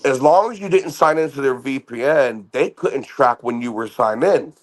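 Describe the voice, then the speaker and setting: A man's voice: medium pitch, normal speed. A man in his thirties telling a profane story, boastful and laughing, tripping over restarts. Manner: boastful, laughing, swears a lot, stammers on restarts.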